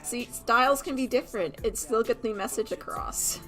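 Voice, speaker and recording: A woman's voice: on the high side, normal speed, fairly bright tone. A young woman chatting casually while she draws on stream, rambling and giggly, poking fun at herself. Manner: rambling, giggly, self-mocking, acts out quoted voices. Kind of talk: casual chat while drawing. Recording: faint background music.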